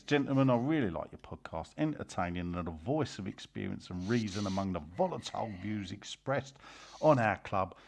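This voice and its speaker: A man's voice: low-pitched, gravelly, darkish tone, husky. A man hosting a casual football podcast, reading listener messages with dry banter.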